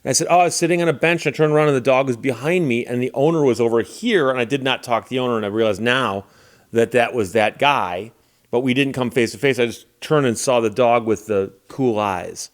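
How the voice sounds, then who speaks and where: A middle-aged man hosting his own channel, casually telling stories to camera in a relaxed, wry way and chuckling now and then. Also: medium pitch, a little fast. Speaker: YouTube channel host.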